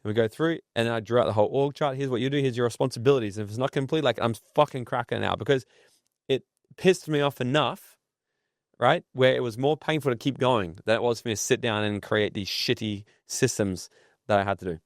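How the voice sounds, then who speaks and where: A man's voice: medium pitch, fairly quick, dry recording, clean studio sound. An entrepreneur speaking as a podcast guest, blunt and profane, telling stories to make his points. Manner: blunt, swears freely, tells stories. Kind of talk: casual podcast interview.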